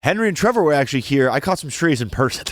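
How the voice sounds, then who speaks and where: A young man co-hosting a casual podcast, telling stories and jumping into high voices to mimic others. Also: big pitch swings, fast, no echo, clean studio sound. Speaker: podcast co-host. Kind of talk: casual chat, storytelling.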